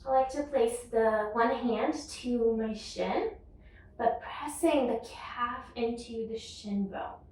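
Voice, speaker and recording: Slow, calm woman cueing yoga in an echoey room. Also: on the high side, recorded from a distance, a little hiss or hum. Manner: calm, unhurried cueing of breath and movement. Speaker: yoga teacher. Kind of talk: guided yoga class instruction.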